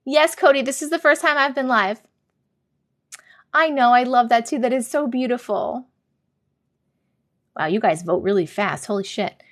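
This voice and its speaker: A woman with a slightly higher-than-average, somewhat bright voice hosts a casual live stream, bubbly and effusive at a normal speed with long pauses. She reads viewers' comments aloud and answers them directly in a loose, chatty manner.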